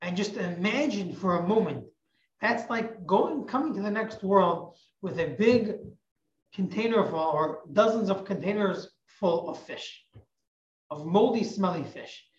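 A woman teacher telling a religious parable in an animated, emphatic way, often repeating phrases. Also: mid-range voice, a little slow. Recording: echoey, muffled recording.

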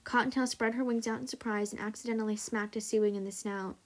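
A woman hosting a story podcast, reading a story aloud in a steady, even way. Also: a little high, fast.

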